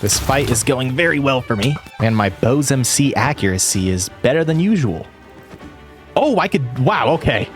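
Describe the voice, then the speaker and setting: Young guy yelling and chatting thru a game boss fight, super lively pitch, some music under it. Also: normal speed. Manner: excitable, yelps and exclaims during the fight. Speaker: gaming YouTuber. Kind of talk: Minecraft let's play commentary.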